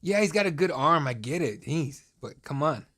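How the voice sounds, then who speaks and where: Hosting a live draft stream from home, a man in his thirties speaks into a desk mic at normal speed, his fairly high, slightly bright voice lively in intonation. He offers casual commentary, bantering loosely with chat and joking in a crude, profane way.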